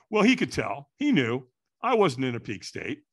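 A man telling a story as a podcast guest, animated and acting out quotes with sudden shouts. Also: mid-range voice, moderate pace, slightly rough.

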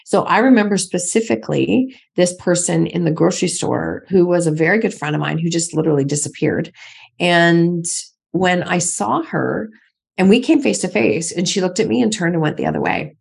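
A woman's voice: on the low side, lively intonation, normal speed, creaky, slightly rough. A middle-aged woman, a podcast guest, telling her own story candidly and emphatically, repeating phrases for stress.

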